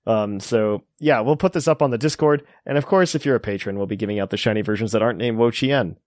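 A man hosting a podcast in casual chat, relaxed and rambling with plenty of fillers. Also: on the low side, fast, dry recording, studio quality. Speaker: podcast host.

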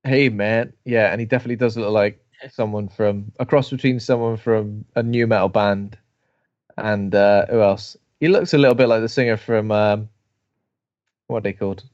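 A man's voice: fairly low pitch, fairly even intonation, moderate pace, darkish tone, dry recording. A man co-hosting a podcast, chatting casually about a film and joking around. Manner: jokey, acts out characters in silly voices. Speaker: podcast co-host. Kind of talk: casual film review chat. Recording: slightly muffled, dry.

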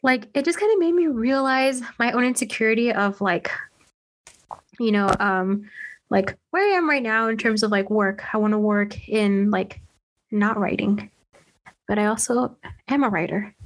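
A woman's voice: mid-range voice, normal speed. A woman in casual chat, telling a story in a rambling way with lots of "like" and restarts. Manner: rambling, heavy use of "like" and restarts.

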